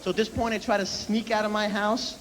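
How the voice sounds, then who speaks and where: Man, stand-up comedian, high voice, fast mock-indignant storytelling, reverberant hall, faint tape hiss. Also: level tone. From New York.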